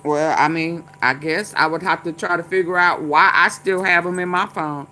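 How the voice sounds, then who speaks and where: A woman hosting, talking casually with many fillers and pauses. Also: fairly low pitch, steady tone, pushed and bright. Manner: halting, many fillers, laughs. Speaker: host reacting to a clip. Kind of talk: casual commentary.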